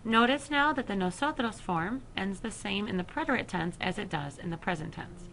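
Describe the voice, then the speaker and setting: A woman teacher explaining a Spanish grammar lesson to her students, slowing down to spell out each verb form. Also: mid-range voice, lively intonation, fairly bright tone, slight background noise. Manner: slow, careful explanation with deliberate pauses over verb forms. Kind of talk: recorded flipped-classroom lesson.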